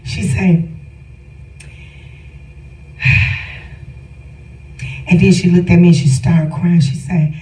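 A middle-aged woman gives a heartfelt testimony in a lowish, slightly mellow voice with a steady tone, speaking extremely slowly and pausing often. She stresses her words and speaks directly to her audience, captured by a distant mic in a roomy space with faint music.

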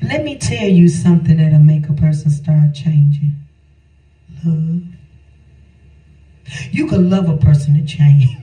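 A man's voice: on the high side, a little slow, pauses often, warm tone, distant mic, faint music behind. A man preaching a sermon, repeating his lines for emphasis and calling out to the congregation. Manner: call-and-response preaching, repeats phrases for emphasis. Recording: echoey room, voice from off-mic.

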